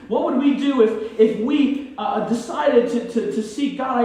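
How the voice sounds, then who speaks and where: A male pastor preaching a sermon, emphatic and swinging from loud to quiet. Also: extremely high pitch, a little slow, few pauses. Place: church sanctuary. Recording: echoey church from far off.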